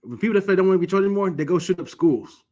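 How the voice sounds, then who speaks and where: A man's voice: high voice, lively intonation, rapid-fire, darkish tone. A man from Michigan giving an informal, earnest class on religious law, urging listeners directly and often restarting his phrases. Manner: earnest, exhortative, frequent restarts. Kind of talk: informal scripture teaching.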